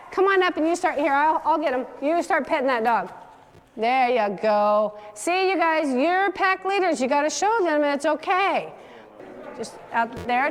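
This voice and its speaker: A woman dog trainer leading a hands-on class, giving direct instructions and coaxing the dogs in a sing-song. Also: high voice. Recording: long hall reverb.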